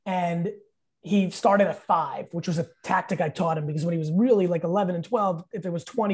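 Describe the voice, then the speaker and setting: A man's voice: sits high, quick pace, darkish tone, breathy edge. A man in his fifties, a podcast guest, telling profane, emphatic stories in casual chat and acting out what people said. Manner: profane, emphatic storyteller who acts out quotes.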